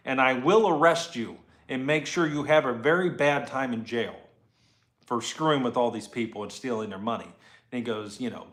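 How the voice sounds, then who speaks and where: A man in his forties telling a story casually to camera, animated and swearing, acting out the people he quotes. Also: mid-range voice, moderate pace, roomy sound. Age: 40s. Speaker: shop owner vlogger. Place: garage workshop.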